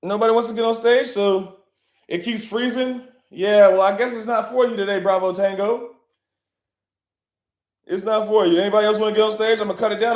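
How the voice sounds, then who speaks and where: High-voiced man, cocky and profane, echoey room. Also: moderate pace, pauses often. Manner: profane, boastful, blunt, with bursts of laughing and shouting. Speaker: host of a live online session. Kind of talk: brash motivational talk.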